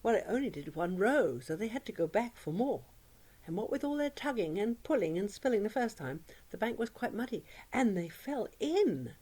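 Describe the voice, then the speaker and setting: Expressive woman telling a children's story. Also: medium pitch, moderate pace, breathy edge. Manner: expressive, sing-song, with dramatic hushes. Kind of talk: oral storytelling for young children.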